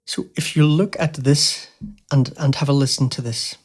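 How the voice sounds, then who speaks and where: A man hosting a music software tutorial, explaining casually with lots of fillers like "you know" and "um". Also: a little high, normal speed. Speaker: tutorial host. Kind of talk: screen-recorded software tutorial.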